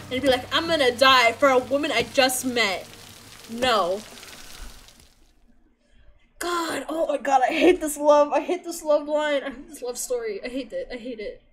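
A young woman streamer giving casual, expressive gameplay commentary, swearing and ranting at the story. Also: high-pitched. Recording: game music behind. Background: game music.

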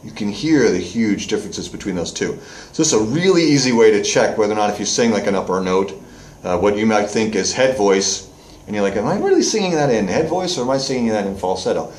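Man, vocal coach, step-by-step singing lesson, lively pitch, roomy echo. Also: fast, a little hiss or hum. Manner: explains step by step, breaks into sung vocal exercises. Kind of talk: singing lesson with sung demonstrations.

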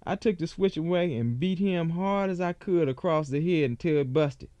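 A man's voice: fairly high pitch, normal speed, mellow, dry recording. A man giving a dramatic first-person reading of a former slave's account, telling it in folksy rural dialect.

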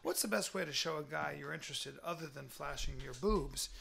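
A man co-hosting a comedy podcast, throwing in animated joking asides. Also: a little high, a little fast, vocal fry. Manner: animated, jokey interjections. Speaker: podcast co-host. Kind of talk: casual comedic chat.

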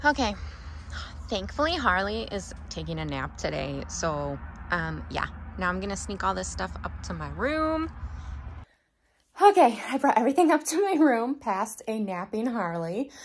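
A woman in her forties, a mother of a large family, chatting casually and upbeat in a shopping vlog, listing items out loud. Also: medium pitch, big pitch swings, moderate pace, a little hiss or hum. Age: 40s.

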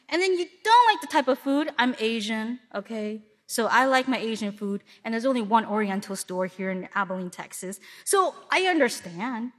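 Woman sermon speaker from Milwaukee, higher-pitched voice, lively storyteller. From Milwaukee, Wisconsin. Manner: lively storytelling with acted-out asides. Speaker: congregation speaker.

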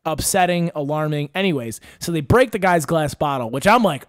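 Ranting high-voiced Midwestern man. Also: lively intonation, fairly quick, hardly any pauses, no echo, studio quality. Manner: ranting, profane, mock-angry outbursts. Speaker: podcast host. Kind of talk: casual podcast chat.

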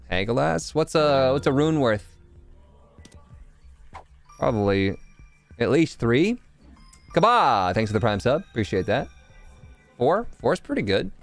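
A man streaming a video game live, making jokes, thanking viewers and reacting loudly to the game. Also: lowish voice. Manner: jokey, animated, chatting with viewers. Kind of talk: casual live game commentary.

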